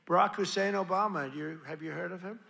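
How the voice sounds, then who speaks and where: A man's voice: sits high, a little fast, gravelly, sharp tone. A man giving a boastful, rambling, repetitive rally speech at a podium microphone. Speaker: political speaker at a rally. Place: large rally venue.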